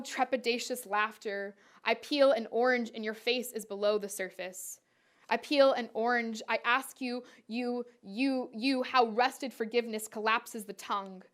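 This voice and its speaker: A woman's voice: on the high side, a bit bright. A woman performance artist delivering spoken-word poetry in a rhythmic, incantatory way, repeating her refrains.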